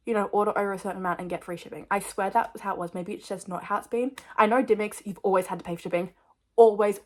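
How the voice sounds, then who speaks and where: Young woman, mid-pitched, loose rambling vlog chatter heavy on "like", talking to her camera. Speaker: vlogger. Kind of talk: casual chat to camera.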